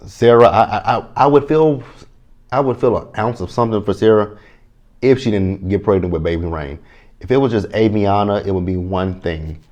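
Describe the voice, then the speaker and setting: Low-voiced man with blunt vlog chatter. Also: normal speed, darkish tone, highs cut off. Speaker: TV reality show reviewer. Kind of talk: casual commentary to camera.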